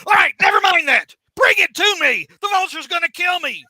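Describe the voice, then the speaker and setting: A man voicing a frantic young male superhero, shouting in a high, strained voice. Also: normal speed, no room sound, heavily acted. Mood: panicked.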